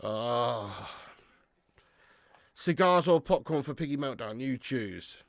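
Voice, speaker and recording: A man hosting a live football watch-along, swearing freely, getting excited and reading out viewer comments. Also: medium pitch, takes it slowly, dry recording. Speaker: fan channel host.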